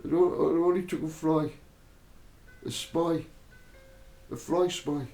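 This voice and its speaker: Slow, rambling, swearing male storyteller. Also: on the high side, mellow. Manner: swearing, drawn-out, repetitive. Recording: roomy echo, faint music.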